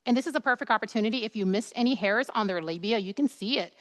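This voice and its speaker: A woman's voice: mid-range voice, quick pace, no room sound. A woman esthetician in her thirties giving a chatty, playful live waxing demonstration, acting out quoted dialogue as she works.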